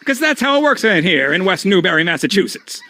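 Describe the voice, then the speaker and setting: A man who is a guest on a podcast, telling stories in an animated way and laughing often. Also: high voice, brisk. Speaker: podcast guest, former TV writer. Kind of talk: casual chat.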